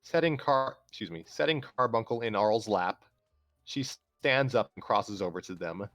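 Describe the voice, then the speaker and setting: A man calmly narrating a fan story aloud on a livestream, steady with small restarts. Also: on the low side, moderate pace, dry recording. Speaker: storyteller host.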